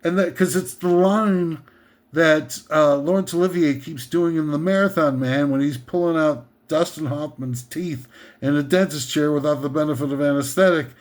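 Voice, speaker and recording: A man's voice: a little high, normal speed. A man hosting a comedic countdown, ranting sarcastically in a rambling way with many hesitations and fillers. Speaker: comedic list host.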